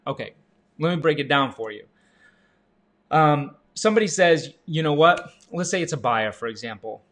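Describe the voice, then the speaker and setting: A man in his thirties giving an energetic sales coaching talk, jumping up in pitch for emphasis and asking the listener questions. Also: moderate pace. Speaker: real estate agent and sales coach. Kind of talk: motivational sales talk to camera.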